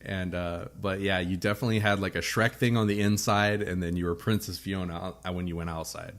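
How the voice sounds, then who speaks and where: Male podcast host, casual chatty banter, quick to tease and laugh. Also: low-pitched, steady tone, fairly bright tone. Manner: teasing, laughs often. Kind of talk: casual chat.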